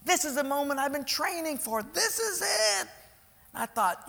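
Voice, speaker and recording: A male pastor preaching a sermon, telling stories in an animated way that swings between loud and soft. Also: extremely high pitch, a little slow, vocal fry, in a large hall.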